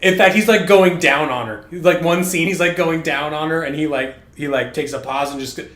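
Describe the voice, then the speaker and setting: A man's voice: a little high, fairly quick, a bit bright. A man co-hosting a casual chat podcast, retelling a story in a rambling way, swearing freely and leaning on "like" as he goes. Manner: profane, rambling storytelling full of "like". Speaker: podcast co-host. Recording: roomy echoey room.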